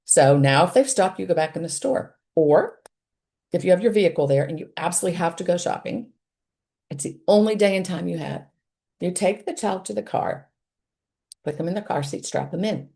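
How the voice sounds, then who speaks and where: Blunt no-nonsense woman with a mellow voice. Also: fairly low pitch, animated, normal speed, creaky. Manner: emphatic, no-nonsense, dismissive asides. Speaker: parenting show host. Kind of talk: blunt advice monologue.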